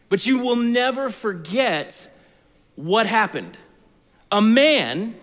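A middle-aged pastor preaching a sermon in a relaxed, story-telling way, full of fillers and restarts, in a large church hall. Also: male voice, high-pitched. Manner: conversational storytelling with many fillers. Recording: echoey hall reverb.

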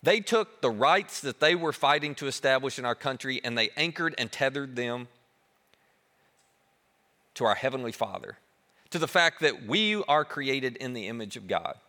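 A man preaching a sermon as pastor, animated and emphatic, dropping to a soft hush on key words. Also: mid-range voice, normal speed, big-room sound.

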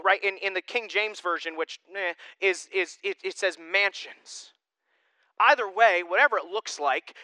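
A young man preaching a sermon to his congregation, joking and chatting in an animated, conversational way. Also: high-pitched, no echo, poor audio. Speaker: pastor.

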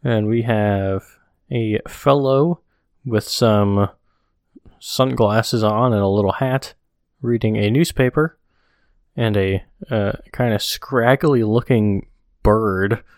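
A man co-hosting a podcast in casual chat, relaxed and chuckling, reading comics aloud. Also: on the low side, no echo, clean studio sound. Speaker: podcast co-host.

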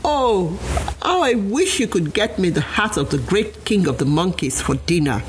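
A woman's voice: lowish voice, very animated, moderate pace, slight background noise, voice pushed up, rough recording. A woman voicing a greedy, demanding female alligator who whines and pleads, in a storybook tale. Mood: longing.

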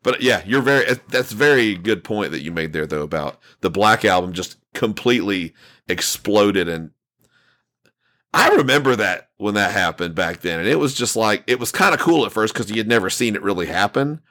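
A man's voice: fairly low pitch, lively intonation, moderate pace, sharp tone. A man hosting a podcast, telling stories in a loose, rambling way full of restarts and fillers. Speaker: podcast host. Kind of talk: casual chat.

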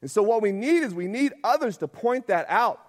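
A man's voice: high voice, animated, brisk. A man preaching a sermon as pastor, talking conversationally, often asking "right?" and acting out quotes.

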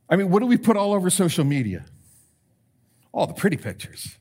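A man preaching as a pastor, animated and rising to emphatic calls, with quoted prayers acted out. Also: sits high, fairly quick. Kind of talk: sermon.

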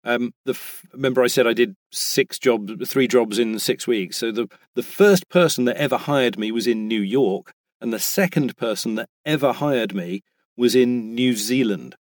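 A British voice actor chatting as a guest in an interview, talking easily with frequent restarts. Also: male voice, mid-range voice, moderate pace, no room sound, clean studio sound. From Britain. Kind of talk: casual interview chat.

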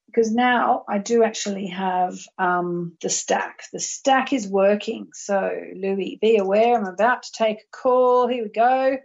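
A woman's voice: medium pitch, measured pace, creaky, hardly any pauses. A woman hosting a phone-in show who reads callers' charts, chatty and upbeat. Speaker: astrologer host. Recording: slightly dull lo-fi sound.

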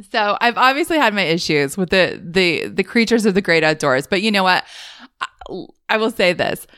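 A young adult woman hosts her own podcast and tells stories in a loose, chatty way, laughing often. Her voice sits in a middle register and jumps much higher when she retells a scare. It is recorded close and dry, with no room sound. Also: normal speed, clean tone, dry recording. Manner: animated, laughs often, rises high when retelling panic. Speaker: podcast host. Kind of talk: casual storytelling monologue.

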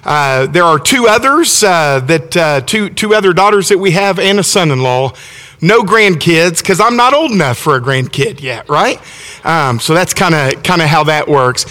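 A man's voice: on the high side, animated, moderate pace, pushed and bright. A middle-aged man from Alabama with a Southern accent, preaching and telling stories in a folksy, enthusiastic way, often restarting his words. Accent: Southern American. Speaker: visiting preacher. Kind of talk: sermon with storytelling. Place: church sanctuary. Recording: long church reverb.

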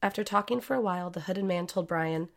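Measured woman narrating true crime. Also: lowish voice, creaky.

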